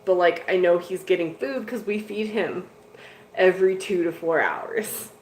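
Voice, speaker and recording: A woman's voice: fairly low pitch, a little slow. Chatty woman in an echoey room. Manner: rambling and chatty, with lots of "like" and "dude". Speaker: host of a fish-keeping live stream. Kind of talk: casual live-stream chat, answering viewers. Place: home room with fish tanks. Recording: echoey room with faint noise.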